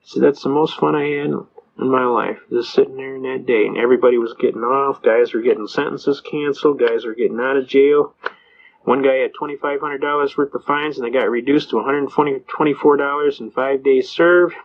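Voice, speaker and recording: An older man lecturing in a rambling, folksy storytelling way, often pausing with "uh". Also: medium pitch, steady tone, a little hiss or hum. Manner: rambling, folksy, with frequent "uh" fillers. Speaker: lecturer on citizens' rights. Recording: dull lo-fi recording.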